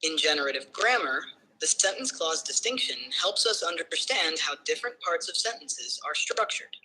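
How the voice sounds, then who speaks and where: A male-sounding AI voice assistant giving measured, smooth explanations. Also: on the high side, animated, pushed and bright, a little hiss or hum, rough recording. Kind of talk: explanatory answers.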